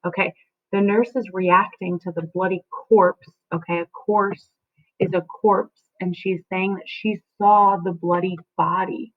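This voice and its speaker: A woman's voice: fairly low pitch, steady tone, measured pace. A woman teacher explaining a play to students, often checking in with "right?" and "okay?". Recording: phone-like lo-fi audio.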